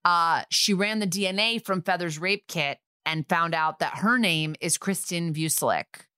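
Chatty woman with a low voice. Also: moderate pace, sharp tone, clean tone, no echo, studio quality. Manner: chatty, acts out quoted lines in funny voices. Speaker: podcast co-host. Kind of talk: casual recap chat.

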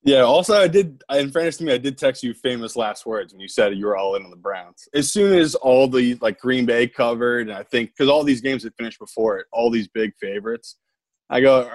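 A man co-hosting a podcast, talking sports bets in a relaxed, matter-of-fact way. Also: mid-range voice, brisk, no room sound. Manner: laid-back, calls people buddy and man. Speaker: podcast co-host. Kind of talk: casual sports betting chat.

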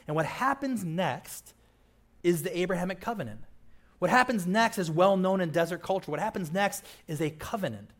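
A man's voice: sits high, animated, normal speed. A man pastor giving a conversational sermon, with casual asides and frequent "right?" checks to the listeners.

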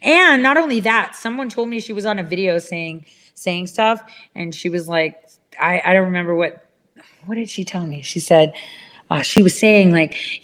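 A woman ranting in casual chat, rambling and swearing, switching to a higher voice when she mimics other people. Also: expressive, normal speed, a bit bright.

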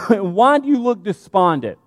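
A man's voice: sits high, very animated, slow, no echo, studio quality, long reverb tail, exaggerated voice. A preacher voicing God rebuking a man. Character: stern questioning God confronting a man.

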